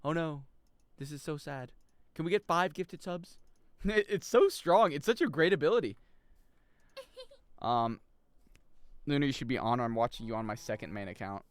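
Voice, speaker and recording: A man's voice: on the high side, moderate pace, long pauses, clean tone, dry recording. A man streaming a video game, chatting with viewers and joking as he plays. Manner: excitable, jokey, reacts loudly and reads chat aloud. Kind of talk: live gaming commentary.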